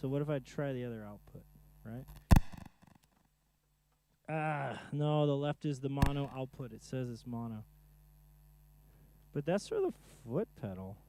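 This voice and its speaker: A man's voice: medium pitch, animated, measured pace, pauses often, noisy background. A man casually chatting to himself during a live music stream, rambling and joking while he troubleshoots his gear in a home studio.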